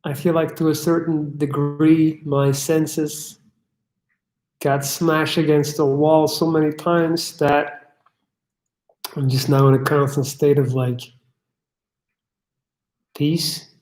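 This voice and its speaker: A man's voice: a little high, little pitch movement, slow, long pauses, darkish tone. Blunt, echoey livestream host, man. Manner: blunt, swears, reads chat aloud and riffs. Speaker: livestream host answering chat questions. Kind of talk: casual livestream chat. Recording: echoey room.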